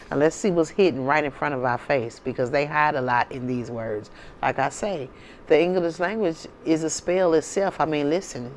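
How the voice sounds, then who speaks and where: A woman's voice: low voice, a little mellow, slight background noise. A woman from the United States hosting her own channel, talking casually and emphatically to her viewers and often checking in with "okay?" and "you know". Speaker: channel host.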